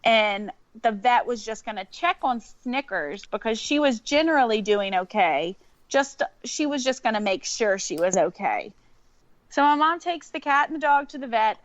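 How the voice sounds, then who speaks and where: A woman's voice: a little high, expressive, moderate pace, no room sound. A woman, telling a story in casual chat and laughing often. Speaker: podcast guest. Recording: dull lo-fi sound.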